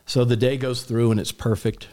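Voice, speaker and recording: A man in his sixties telling anecdotes as a guest on a radio talk show, relaxed and full of restarts. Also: mid-range voice, normal speed. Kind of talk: storytelling in a radio interview.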